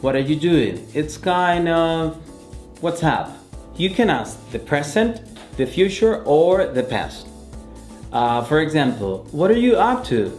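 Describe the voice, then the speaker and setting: A man's voice: a little high, lively intonation, darkish tone, reverberant, soft background music. A man explaining an English phrase carefully, giving example questions and answers. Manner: slow, careful delivery. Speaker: English teacher.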